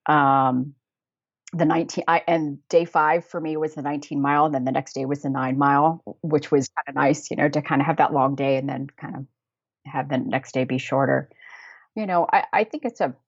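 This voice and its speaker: An American woman telling travel stories in a casual podcast interview, chatty and quick to laugh, with many fillers. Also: sits low, fairly even intonation, no room sound. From United States. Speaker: guest, travel planner. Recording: dull, dry lo-fi audio.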